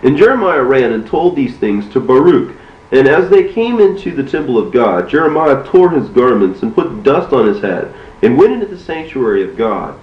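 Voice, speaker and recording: A man giving a measured, steady scripture reading, recorded from a distance in an echoey room with a dull sound. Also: medium pitch. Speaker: reader.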